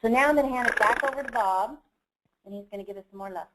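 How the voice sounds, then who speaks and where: A woman's voice: a little high, racing, background noise. Middle-aged woman ceo doing a motivational seminar, earnest personal storytelling. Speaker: company CEO and seminar presenter.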